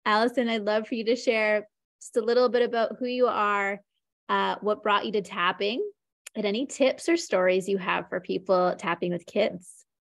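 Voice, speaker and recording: A woman's voice: mid-range voice, fairly even intonation, moderate pace, creaky, dry recording. A woman hosting an online interview, enthusiastic and full of thanks for her guests. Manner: warm, effusive, enthusiastic. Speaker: host and tapping school teacher. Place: video call.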